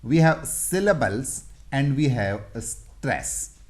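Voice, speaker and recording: Patient teacher who sounds out each example word; needs a slow, sing-song delivery. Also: mid-range voice, lively intonation, darkish tone. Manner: repeats and sounds out example words. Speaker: English teacher. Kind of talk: explanatory lesson.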